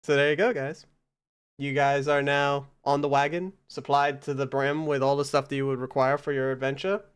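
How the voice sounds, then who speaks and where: A man acting as game master, narrating a tabletop game with unhurried, descriptive scene-setting. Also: mid-range voice, level tone, clean tone.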